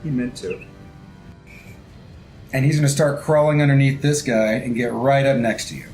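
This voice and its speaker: A man's voice: mid-range voice, steady tone, normal speed, darkish tone. A man narrating a tabletop game as game master in a casual, laughing way. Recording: roomy sound with faint music.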